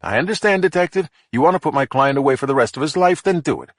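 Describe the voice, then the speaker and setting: Brief: narrator doing a cool lawyer driving a hard bargain, level and dry. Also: male voice, a little high, lively intonation, quick pace, no echo, pitched above the performer's own voice, close to an everyday voice. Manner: unflappable, bargaining. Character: cool, deadpan male defense lawyer. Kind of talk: audiobook character voice.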